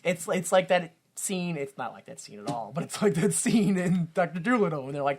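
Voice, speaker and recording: A man co-hosting a comedy podcast, recapping a film casually, acting out characters in quick silly voices and laughing often. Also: fairly high pitch, expressive. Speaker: podcast co-host.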